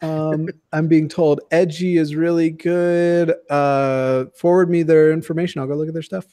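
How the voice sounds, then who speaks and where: A guest YouTuber in his twenties from the Denver area, USA, chats casually, joking, swearing and rambling. His voice is a little high and warm with a flat delivery at normal speed, recorded cleanly in a studio with no room sound.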